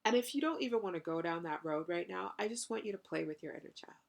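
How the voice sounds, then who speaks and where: Gravelly, expressive, and fast-talking, this woman's voice is pitched fairly low. She hosts a channeled spiritual podcast and works as a spiritual coach, chatting effusively with casual swearing and lots of "you know" and "right?".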